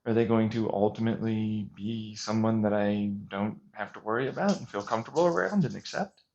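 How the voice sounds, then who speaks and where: A man's voice: fairly low pitch, a little fast, creaky, darkish tone, a little hiss or hum. A man vlogging an intense monologue, agitated and sarcastic as he rants. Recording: dull lo-fi recording.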